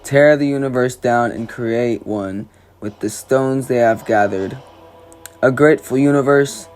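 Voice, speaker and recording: A man's voice: medium pitch, measured pace, darkish tone. Guy narrating a superhero fight fan story, play by play, faint background music.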